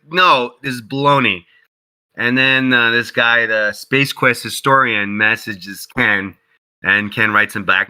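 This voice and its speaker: A man being interviewed about game development, telling stories in a casual, animated way, full of "like" and "you know", and acting out what others said in a raised voice. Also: normal speed, rough recording. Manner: animated storyteller who acts out quotes in a higher voice; heavy use of "like" and "you know".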